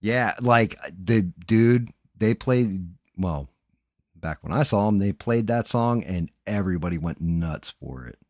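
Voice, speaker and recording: A man's voice: low voice, lively intonation, a little slow, darkish tone, no room sound, clean studio sound. A man hosting a live stream, chatting casually, cursing freely and often trailing off mid-sentence. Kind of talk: casual chat while painting 3D prints.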